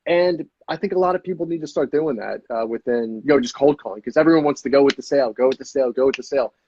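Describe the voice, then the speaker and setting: A man chatting as a podcast guest, energetic and swearing freely, often acting out sales calls. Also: mid-range voice, fast, highs cut off, a little hiss or hum. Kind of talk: casual podcast chat.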